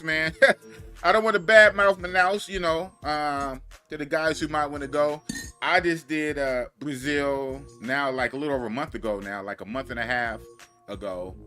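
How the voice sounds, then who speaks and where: A man's voice: mid-range voice, sharp tone. A man casually chatting on his livestream, rambling and slangy, repeating himself as he tells stories. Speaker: travel vlogger.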